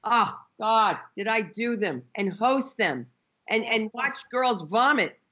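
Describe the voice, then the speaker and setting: Brassy, bright-voiced female comedian. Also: fairly high pitch, takes it slowly. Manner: brassy, animated storytelling with put-on quotes. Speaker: comedian guest. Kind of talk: casual panel chat. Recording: dull lo-fi audio.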